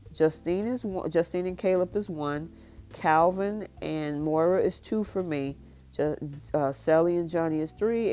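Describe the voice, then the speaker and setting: A woman with a low, mellow voice, chatting through a reality-show recap. She keeps acting out the cast's lines as she retells each scene. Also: dry recording. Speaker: recap vlogger. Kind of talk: casual recap and review.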